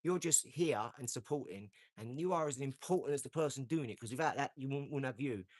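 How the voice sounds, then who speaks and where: A man's voice: mid-range voice, lively intonation, brisk, darkish tone, dry recording. A man hosting a casual live stream, giving motivational talk with emphatic, repeated phrases. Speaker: livestream host. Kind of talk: casual motivational livestream chat.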